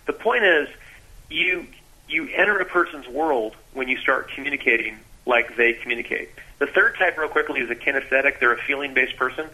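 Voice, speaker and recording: A man who trains salespeople talks animatedly on the radio, performing bits of sales conversation. His voice is medium-pitched and a little fast, and the recording is low quality.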